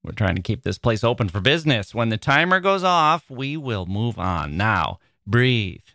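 A man's voice: medium pitch, big pitch swings, moderate pace, creaky, pushed and bright, no echo, clean studio sound. A man hosting a literary podcast, playful and theatrical, often laughing at himself, with a voice a listener called squirrel-like. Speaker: podcast host.

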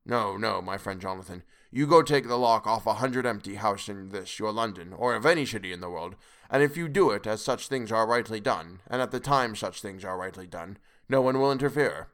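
A wise, patient elderly professor, read by a man, lays out his plan in a deliberate, lecturing way. The voice sits low and unhurried, an audiobook character weighing every word. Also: fairly bright tone. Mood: measured.

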